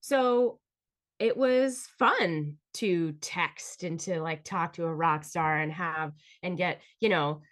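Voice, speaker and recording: A woman with a slightly low-pitched voice tells personal stories on her own podcast. She is blunt and swears freely. She keeps the talk animated and speaks straight to her listeners. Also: slow pace. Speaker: podcast host. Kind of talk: candid solo storytelling.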